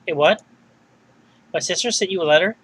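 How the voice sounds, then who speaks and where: A man reading the lines of a young woman who asks quick, surprised questions, in his own voice. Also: high-pitched, a bit bright, breathy edge. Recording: faint music behind.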